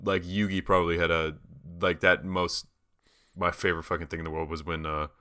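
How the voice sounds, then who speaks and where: Young male podcast co-host, deep and bright, animated casual chat. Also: a little fast. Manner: animated, acts out anime characters in silly voices.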